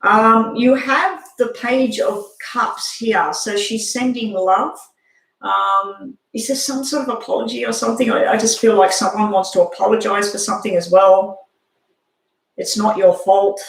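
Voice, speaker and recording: Halting tarot reader in an echoey room. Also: mid-range voice, steady tone, vocal fry, a bit bright. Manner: halting, with frequent ums. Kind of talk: live tarot reading to a viewer.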